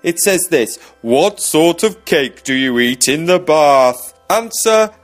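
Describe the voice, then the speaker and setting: A man's voice: fairly high pitch, lively intonation, takes it slowly, soft background music, voice pushed up. A man putting on the voice of an elderly celebrity reading out children's jokes, hesitant and full of fillers. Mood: jokey. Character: bellowing elderly male celebrity telling kids' jokes.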